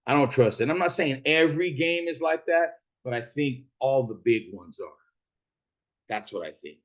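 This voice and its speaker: A man from Arizona casually retelling a rideshare story, profane and animated, acting out the other people's lines. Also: mid-range voice, normal speed. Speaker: rideshare driver telling a story.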